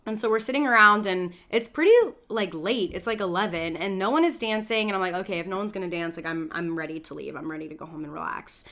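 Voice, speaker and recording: A woman co-hosting a podcast, chatting casually and telling a lively, profane story with acted-out voices for the people in it. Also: lowish voice, fast talker, hardly any pauses. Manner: animated storyteller, swears freely, acts out quoted people. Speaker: podcast co-host. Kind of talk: casual chat.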